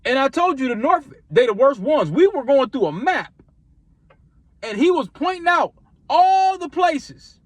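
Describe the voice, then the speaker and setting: A man's voice: very high voice, sing-song, measured pace, no room sound. A man from Minnesota telling a casual storytime, loose and rambling, with many restarts and repeats. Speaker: vlogger.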